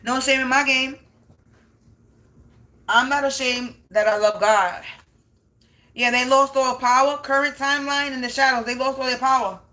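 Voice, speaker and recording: Bright, high-voiced woman ranting. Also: steady tone, moderate pace, pauses often. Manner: profane, emphatic, repeats herself. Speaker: spiritual reader. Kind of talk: unscripted ranting monologue.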